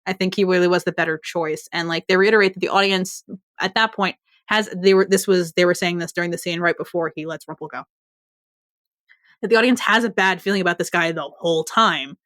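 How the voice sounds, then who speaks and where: A woman's voice: lowish voice, fairly quick, a bit bright, dry recording. Chatty woman podcaster, dry sound. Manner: rambling, chatty, laughs often. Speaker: podcast co-host. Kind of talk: casual chat.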